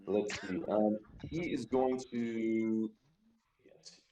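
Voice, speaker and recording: A man's voice: fairly low pitch, steady tone, extremely slow, mellow, dull audio, slight background noise. A man narrating a tabletop game as game master in a casual, rambling way. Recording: echoey room.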